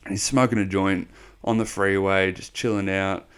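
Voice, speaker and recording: A young Australian man co-hosting a podcast, telling a long travel story in a rambling, animated way, full of swearing. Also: sits low, normal speed, clean tone. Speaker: podcast co-host. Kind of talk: casual storytelling chat.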